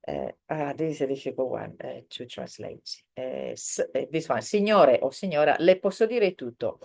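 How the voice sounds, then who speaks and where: Low-voiced woman teaching language. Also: sing-song, gravelly, a little mellow. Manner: explains slowly with many fillers, acts out example sentences. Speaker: Italian teacher. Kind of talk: online language lesson.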